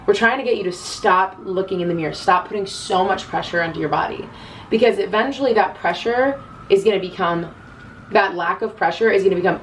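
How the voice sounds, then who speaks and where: A woman's voice: medium pitch, brisk, recorded from a distance, slight background noise, poor audio. A woman in her twenties giving casual self-love advice to camera, earnest and chatty, often quoting her own inner voice.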